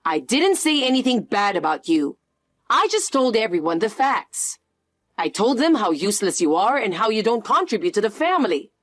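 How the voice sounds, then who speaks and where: A synthetic woman's voice reading the lines of a spiteful middle-aged mother-in-law in an even, flat delivery. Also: mid-range voice, normal speed, no room sound, studio quality. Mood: dismissive. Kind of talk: scripted story narration.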